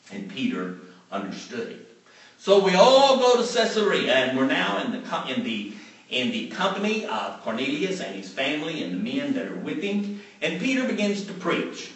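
Emphatic preacher with a big echo. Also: male voice, mid-range voice, sing-song, moderate pace, a bit bright. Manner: storytelling, emphatic repetition. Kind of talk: sermon. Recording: very echoey room, mic far off.

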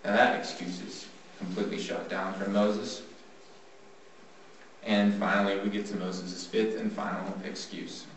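A man giving a devotional Bible talk, plain and earnest, slowing down when he reads scripture. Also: fairly low pitch, flat delivery. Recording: echoey room from far off, faint noise.

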